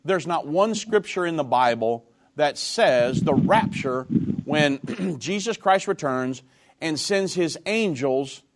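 A man hosting a call-in radio show, explaining points slowly and repeating them. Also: on the high side, expressive.

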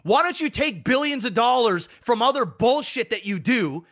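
A man's voice: very high-pitched, animated, moderate pace, fairly bright tone. A man co-hosting a podcast, ranting heatedly with lots of profanity in casual chat. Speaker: podcast co-host.

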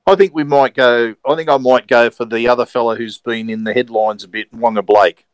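A man's voice: medium pitch, fairly even intonation, brisk, smooth, no echo, low-quality recording. A man co-hosting a sports podcast, talking hesitantly and picking his words carefully. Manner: hesitant, many fillers and restarts, careful wording. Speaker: podcast co-host. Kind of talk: casual sports podcast chat.

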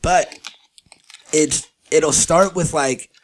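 A man's voice: on the high side, extremely slow. A man from California hosting a casual podcast chat, rambling, joking and swearing loosely. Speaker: podcast host.

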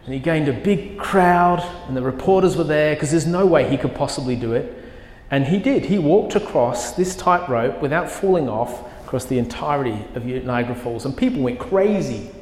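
A man's voice: a little high, expressive, moderate pace, hardly any pauses, a little mellow. A man preaching a sermon as pastor, telling a story with vivid, emphatic quoted lines. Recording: echoey hall with long reverb.

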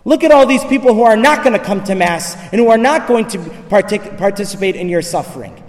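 A priest putting on a taunting devil. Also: male voice, high-pitched, lively intonation, a little fast. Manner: mocking, insistent, repetitive. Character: taunting male devil tempting Jesus. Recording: echoey church hall from far off.

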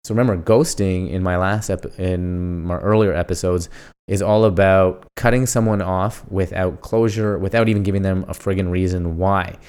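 Casual male podcast host, low-pitched and smooth, jokey, answers his own questions. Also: moderate pace. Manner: asks himself questions and answers them, jokey and animated. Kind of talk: casual solo podcast monologue.

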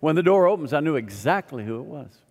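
A man's voice: a little high, animated, fast, a little mellow, big-room sound. A man preaching a sermon, telling a story and acting out both sides of the conversation. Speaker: pastor.

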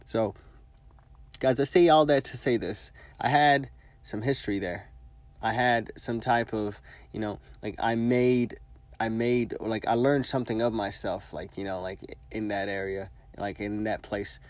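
A man in his twenties rambles through a personal story, swearing freely and leaning hard on filler words. His voice sits on the low side. The sound is dry and close, with no room echo. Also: steady tone, a little slow. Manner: rambling, profane, heavy use of filler words. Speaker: vlogger. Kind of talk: casual storytelling.

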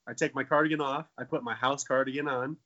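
Podcast co-host, man, late 20s, bright and jokey, lo-fi sound. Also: medium pitch, steady tone, quick pace. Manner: jokey, profane, playful. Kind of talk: casual comedic chat.

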